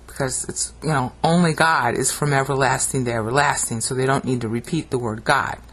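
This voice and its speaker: A Bible language teacher gives a video lesson on screen slides, working through the text word by word and often asking "okay?" His medium-pitched voice is brisk and fairly bright, with fairly even intonation, though he chants ancient phrases with dramatic rising emphasis.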